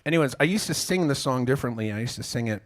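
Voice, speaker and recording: A man's voice: mid-range voice, animated, racing. A man, a singer-songwriter, talking to a live audience between songs in a small club, telling a meandering, self-mocking story with casual swearing. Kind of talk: rambling stage banter between songs.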